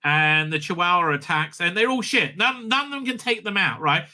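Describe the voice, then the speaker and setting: A man's voice: sits high, animated, normal speed, bright, forceful tone. A man hosting a casual spoken review, sarcastic and crude, with many hesitant fillers. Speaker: show host, reviewer.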